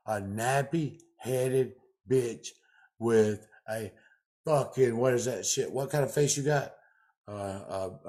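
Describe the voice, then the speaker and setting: A man ranting angrily to the camera in a profane, confrontational way, repeating himself with loud outbursts. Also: mid-range voice.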